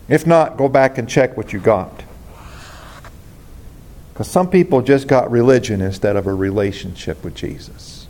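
A man's voice: fairly high pitch, darkish tone. Earnest man preaching a sermon. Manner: earnest, preacherly, calls on the congregation. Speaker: pastor.

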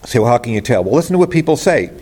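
A man's voice: mid-range voice, very animated, very fast, darkish tone, breathy edge. A middle-aged man preaching a sermon as pastor, earnest and direct, asking his listeners rhetorical questions.

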